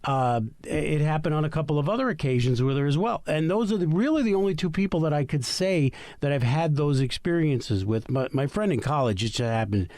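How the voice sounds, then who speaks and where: A man's voice: fairly high pitch, animated, brisk, hardly any pauses, a little mellow, no echo, clean studio sound. A middle-aged man, the host's husband, telling rambling, sarcastic anecdotes in a casual podcast chat.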